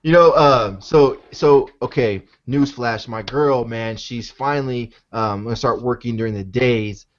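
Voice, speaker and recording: A man's voice: mid-range voice, a little slow, few pauses, dull audio. A man hosting a casual live-show chat, laid-back and profane, calling everyone "man". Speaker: show host.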